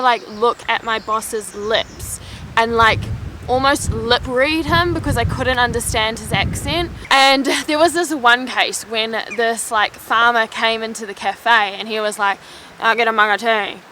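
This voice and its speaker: Chatty young woman, bright voice. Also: on the high side, unhurried, a little hiss or hum. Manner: chatty, fills with "like" constantly. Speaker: vlogger. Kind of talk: casual vlog chat.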